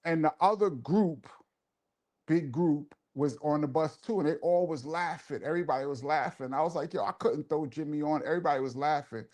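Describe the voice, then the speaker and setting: A man's voice: a little high, brisk, darkish tone. A man hosting a live show and telling a laid-back, laughing story in casual street slang. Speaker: host and DJ.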